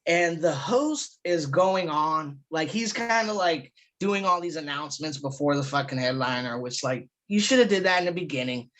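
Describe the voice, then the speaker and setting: A man's voice: fairly high pitch, lively intonation, normal speed, few pauses, a bit bright, slight background noise. A man, a guest comedian, chatting casually on a podcast and telling loose, profane stories full of fillers.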